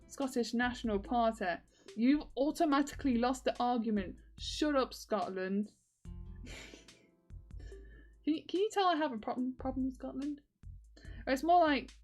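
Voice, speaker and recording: A woman's voice: fairly high pitch, darkish tone. A woman chatting casually in a video diary, rambling with lots of fillers and frequent laughs. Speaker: video diarist.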